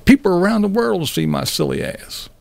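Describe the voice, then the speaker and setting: A man's voice: sits high, expressive, a little fast, vocal fry, darkish tone. A middle-aged man hosting a live stream, chatting casually with viewers in a blunt, sarcastic way, swearing and laughing often. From Pennsylvania.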